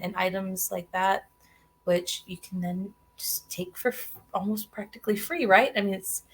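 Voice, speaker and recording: Woman, teacher guest, earnest and a bit hesitant, speaking over a video call. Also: mid-range voice. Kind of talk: casual live-stream chat.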